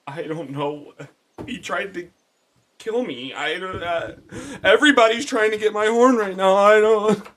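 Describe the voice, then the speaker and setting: A man voicing a wounded, wary female unicorn in a tabletop game, asking anxious, rushed questions. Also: mid-range voice, fairly bright tone, voice pushed up. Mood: distressed.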